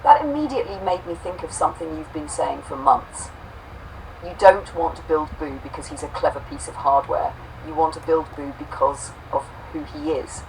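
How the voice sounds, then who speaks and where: A woman co-host reading a homespun robot story aloud, saying the quote marks out loud, then reflecting warmly on it. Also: sits low, normal speed, distant mic, slight background noise, rough recording. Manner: warm, affectionate, reads quote marks aloud.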